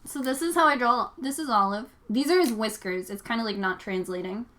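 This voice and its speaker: A woman's voice: a little high, a little fast, a bit bright. A young woman livestreaming while she crafts, chatting in a rambling, casual way with lots of "like" fillers. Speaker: livestreaming vlogger.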